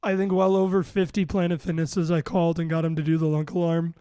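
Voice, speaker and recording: A man's voice: a little high, level tone, quick pace, mellow, clean tone, dry recording, clean studio sound. A man hosting a casual podcast chat, laughing as he tells about his own prank calls. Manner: laughing, self-mocking prankster storyteller. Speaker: podcast host.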